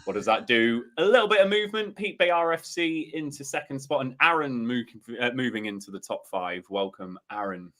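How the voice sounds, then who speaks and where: A man's voice: mid-range voice, lively intonation, brisk, few pauses, a bit bright. A man hosting a live-stream quiz, reading questions and scores in an upbeat, chatty way. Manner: upbeat, chatty, laughs often. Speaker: quiz host.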